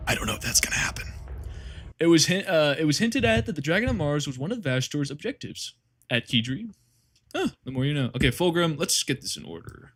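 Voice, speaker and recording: Excitable young man streaming casually. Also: a little high, moderate pace. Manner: excitable, swearing, rambling. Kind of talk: casual live-stream chat.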